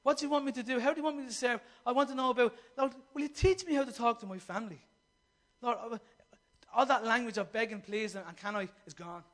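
A man's voice: very high-pitched, fast talker, a bit bright. A man preaching a fervent sermon. He fires rhetorical questions at the congregation and acts out quoted voices. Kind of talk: impassioned sermon.

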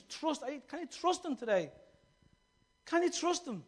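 A preacher with a strikingly high voice and big pitch swings delivers an impassioned sermon at a normal pace. He keeps putting questions to the congregation and slips into the voices of the people he quotes.

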